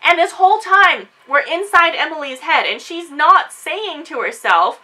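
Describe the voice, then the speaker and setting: A woman chatting casually in a book discussion vlog, animated and quick to act out quotes. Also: high voice, rough recording. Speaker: book reviewer.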